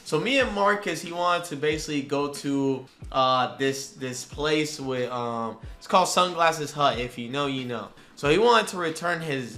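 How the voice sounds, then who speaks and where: A young man tells a casual story straight to the camera, full of slang and quick asides. His voice is bright and sits a little high. It jumps even higher whenever he acts out his disbelief. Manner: animated, slangy storytelling that rises high when excited. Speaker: vlogger.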